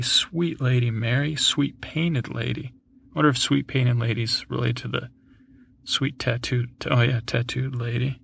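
Reading a long list in a drowsy way, a man hosts a sleep podcast, now and then chuckling, making asides, or slipping into bits of song. His voice is gravelly and medium in pitch, and the recording is dry.

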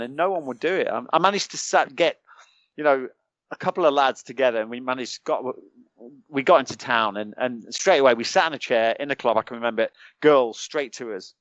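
Speaking fairly quickly in a mid-range, slightly bright voice, a middle-aged ex-soldier from the United Kingdom spins a long, colloquial story as a podcast guest, voicing the other characters. The sound is dry, a touch dull, and echo-free.

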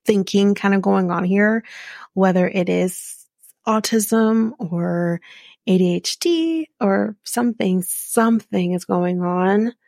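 A woman's voice: mid-range voice, slow, vocal fry, darkish tone, no room sound, studio quality. A young adult woman hosting a casual podcast recap and commenting bluntly, with profanity and indignation. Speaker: podcast host.

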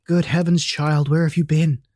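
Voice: mid-range voice, flat delivery, moderate pace, darkish tone, no echo, clean studio sound, lightly acted. A reader voicing a stern middle-aged father who speaks in a clipped, reproachful way. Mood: scolding.

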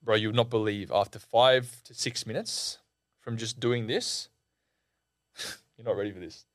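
A young man, a podcast guest, telling a story in a casual, animated and slangy way, full of "like" and "bro". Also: lowish voice, a little slow, no room sound, studio quality. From Australia.

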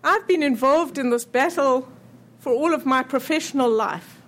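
High-pitched woman giving a talk. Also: fairly bright tone. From South Africa. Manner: measured, persuasive storytelling. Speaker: speaker. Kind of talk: prepared public talk.

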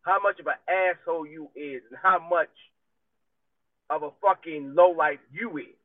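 A man's voice: fairly high pitch, moderate pace, no room sound. Male podcaster, country twang, emphatic repetitive rant; dry close sound. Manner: emphatic, profane, repetitive ranting. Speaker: podcast host. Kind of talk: heated solo commentary. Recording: dry, tinny phone-like audio.

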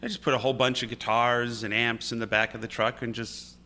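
Bright-voiced man telling stories. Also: mid-range voice, level tone, brisk. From upstate New York. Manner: anecdotal, with many restarts. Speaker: guest musician. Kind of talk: casual interview chat.

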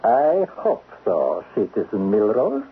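A man's voice: lowish voice, wildly swooping pitch, slow, husky, full character voice. A man playing a stern, sarcastic male spy chief in a 1970s radio drama. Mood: icy. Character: cold menacing male foreign spy chief. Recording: lo-fi narrow-band radio recording.

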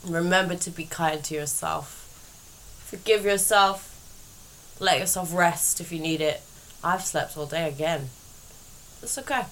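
A tired woman hosting her podcast, speaking slowly in a rambling, self-correcting monologue. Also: on the low side, fairly even intonation, fairly bright tone, a little hiss or hum, poor audio. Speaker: podcast host. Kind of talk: casual monologue.

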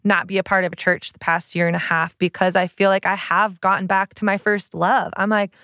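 A thirties woman, a podcast host and relationship coach, speaks earnestly and openly in a personal, confessional way, with lots of "like" fillers. Her mid-range voice is brisk and a bit bright with little pitch movement. The recording is clean studio sound with no room tone.

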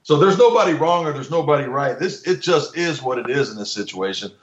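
A man's voice: medium pitch, animated, a little fast, echoey room, lo-fi sound, slight background noise. A man in casual podcast talk, blunt and opinionated, swearing freely and restarting his sentences.

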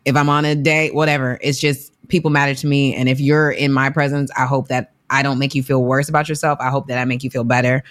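A woman in her thirties, a podcast guest, talking in an animated, emphatic, slangy way in a casual interview. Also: very deep voice, fast, hardly any pauses, dry recording, studio quality. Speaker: podcast guest, on-air talent.

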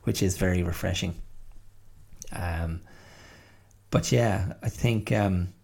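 A man's voice: deep voice, takes it slowly, vocal fry, darkish tone, breathy edge. A middle-aged man hosting a podcast, musing aloud in a thoughtful, hesitant way with many restarts. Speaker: podcast host. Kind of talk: reflective solo monologue.

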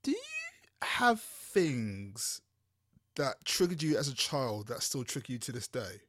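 A man from London co-hosts a casual podcast and tells a story with lots of stops and restarts. His pitch rises and falls all over the place. The recording is close and dry. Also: a little slow, dry recording. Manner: animated storytelling with many restarts. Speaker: podcast co-host.

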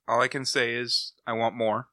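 A man's voice: medium pitch, flat delivery, a little slow, pushed and bright, no room sound. A man hosting a comic book podcast, casually retelling plots in a rambling, enthusiastic way. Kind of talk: casual chat, recapping comics.

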